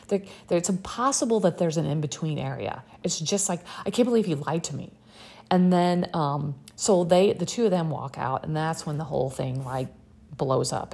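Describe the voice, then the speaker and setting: Low-voiced, gravelly young woman chatting. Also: a little mellow. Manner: chatty and sarcastic, many fillers. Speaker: podcast host recapping a reality show. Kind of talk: casual chat.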